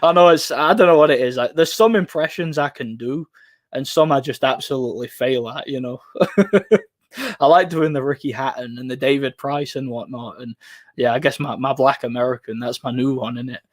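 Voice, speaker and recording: A tired man with an English Midlands accent chats casually on a livestream, rambling and repeating himself between laughs. His voice is mid-pitched. The recording is dry and close with no room sound. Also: moderate pace, no room sound. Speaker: livestream host reading chat. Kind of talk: casual chat.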